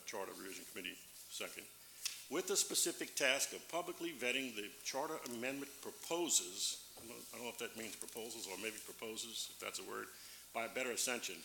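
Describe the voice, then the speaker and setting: A man serving as a parish councilman gives a formal floor speech, pausing often and reading legal text aloud slowly. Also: mid-range voice, sharp tone. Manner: halting, reads legal text aloud slowly with many fillers. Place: council chamber. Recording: echoey meeting room with faint background hum.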